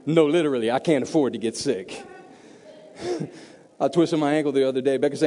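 A man preaching a sermon to a congregation, swinging from hushed asides to loud, emphatic build-ups. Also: mid-range voice, sing-song, normal speed. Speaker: pastor. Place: church sanctuary. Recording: long reverb of a large hall.

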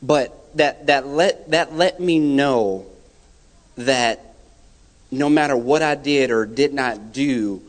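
A young man tells his own story before a church gathering, breaking into the voices of friends as he goes. His delivery is animated and heartfelt. The sound carries a long reverb from a large hall. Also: medium pitch, slow. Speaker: church guest giving a testimony. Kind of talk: personal testimony.

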